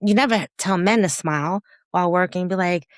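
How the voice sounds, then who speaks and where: A woman in her fifties, a guest in a candid interview, telling her story in an animated way and acting out her own past thoughts with laughter. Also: on the low side, a little fast, no echo, studio quality. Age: 50s. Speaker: podcast guest, business founder.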